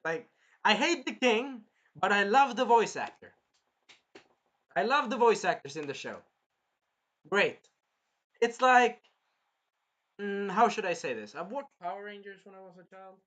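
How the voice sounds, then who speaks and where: A man with a fairly high voice chats casually while reviewing an anime episode. He talks in an animated way, swears freely and acts out bits of dialogue. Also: unhurried, pauses often. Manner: animated, swearing, retells scenes in put-on voices. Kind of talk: casual chat.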